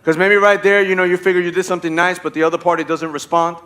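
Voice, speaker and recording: A man preaching a sermon as a lively story, acting out voices and checking in with the audience. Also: sits high, fast talker. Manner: animated, acts out voices in his stories.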